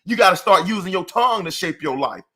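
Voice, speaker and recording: High-voiced, bright motivational preacher man. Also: lively intonation, fast talker, husky. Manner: emphatic, repetitive, preacher-like cadence. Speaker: motivational speaker.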